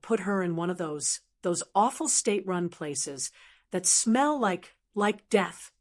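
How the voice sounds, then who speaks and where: A woman's voice: lowish voice, animated, slow pace. A woman voicing a frantic, desperate middle-aged daughter-in-law who shrieks, stammers and pleads. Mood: pleading.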